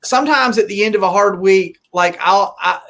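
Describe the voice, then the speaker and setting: A man hosting a podcast in casual chat, rambling with halting restarts and chuckles. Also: high voice, a bit bright. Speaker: podcast host.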